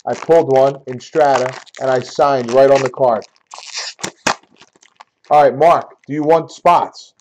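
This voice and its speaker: A man's voice: mid-range voice, measured pace, long pauses, background noise. Exasperated man hosting a card break. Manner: exasperated, repetitive, loud outbursts. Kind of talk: casual live-stream banter.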